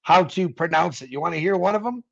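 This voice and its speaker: A man's voice: high-pitched, fast, gravelly, a bit bright, dull audio. A man co-hosting a casual live stream, joking and laughing easily. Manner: jokey, laughing, easygoing. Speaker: co-host.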